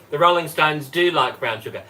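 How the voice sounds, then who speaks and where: In his home kitchen, a livestream host who formerly managed for Tupperware cooks on camera, chatting and naming viewers as he greets them. He has a fairly high, bright, forceful voice, picked up distantly off-mic with slight background noise.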